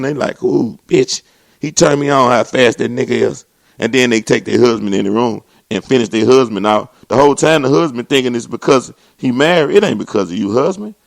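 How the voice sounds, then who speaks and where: Gravelly man ranting. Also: no echo. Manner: animated, swings into mocking voices and high exclamations. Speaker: comedy show host. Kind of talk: profane comedic rant.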